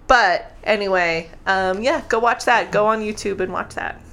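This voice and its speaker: A woman's voice: mid-range voice, normal speed, fairly bright tone, slight background noise. A woman co-hosting a podcast in casual chat, rambling with lots of fillers and laughing easily. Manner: chatty, full of "like" fillers, laughs often. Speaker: podcast co-host.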